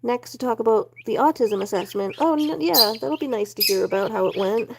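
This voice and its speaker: Lady chatting on her livestream, kinda high voice, baby chicks chirping in the back, noisy. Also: expressive, fairly quick, gravelly. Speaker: livestream host. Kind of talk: casual livestream chat. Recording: noticeable background noise.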